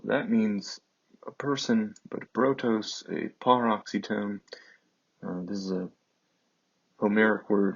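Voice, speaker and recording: Man teaching classics, slow halting lecture, husky voice, dull lo-fi sound. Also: on the low side. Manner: deliberate, halting, with many fillers. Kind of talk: slow lecture over on-screen text.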